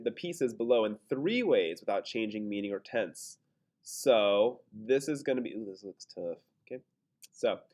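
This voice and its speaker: This screen-recorded grammar lesson features a man teaching informally, thinking out loud and correcting his own mistakes as he goes. His voice is medium-pitched with a darkish tone.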